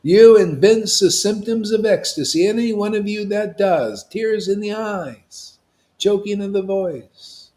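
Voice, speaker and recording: A man preaching to a devotional gathering, emphatic and confrontational, with casual slang, swinging between loud declarations and hushed asides. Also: high voice, measured pace. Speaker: spiritual teacher at a devotee gathering. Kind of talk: impassioned devotional sermon.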